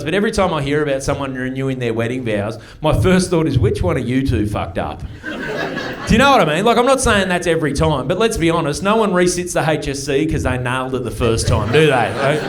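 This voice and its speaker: An Australian man doing a stand-up set in a comedy club, brash and conversational, swearing freely. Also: on the high side. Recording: live audience laughter.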